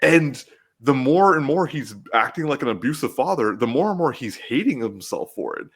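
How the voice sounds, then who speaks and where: A man co-hosts a casual podcast, talking with real excitement and emotion. His pitch swings widely as he gets worked up, and he trips over restarts and swears freely. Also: moderate pace, breathy edge. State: getting teary-eyed. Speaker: podcast co-host.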